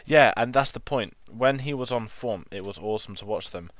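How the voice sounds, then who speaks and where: A man co-hosting a casual film review, talking in a relaxed, rambling way with lots of "like" and "kind of". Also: mid-range voice, moderate pace, no echo.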